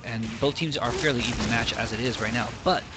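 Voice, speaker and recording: A man's voice: mid-range voice, brisk, heavy background noise. A young man commentating a video game match in a casual, chatty way, thinking aloud and often restarting his sentences.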